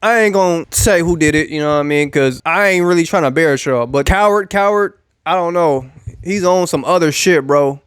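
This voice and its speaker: A young man with a high, smooth and clear voice rants in casual sports commentary. He is sarcastic and profane and keeps repeating phrases. The sound is dry and close. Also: fairly quick, dry recording.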